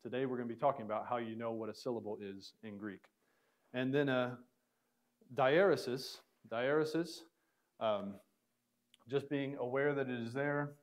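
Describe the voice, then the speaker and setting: A man lecturing to a small class in a church room, his voice sitting at an ordinary middle pitch. He explains loosely, pausing on fillers and starting sentences over. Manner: casual, filler-heavy explaining with restarts. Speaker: Bible Greek teacher.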